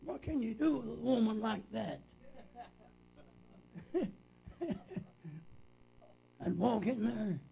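A man's voice: high voice, expressive, takes it slowly, creaky, pauses often, warm tone. An older man, a preacher, reminiscing in a folksy, repetitive storytelling way and retelling conversations, on a dull lo-fi recording.

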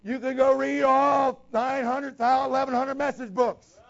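A man preaching a sermon with passion, breaking into shouts and slowing down to stress his key lines. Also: extremely high pitch, flat delivery, creaky. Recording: dull lo-fi recording.

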